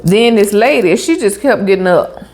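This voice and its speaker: A woman vlogger, telling a story in a chatty, animated way with asides like "honey" and "baby" while she eats. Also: mid-range voice, normal speed. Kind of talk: casual storytelling while eating.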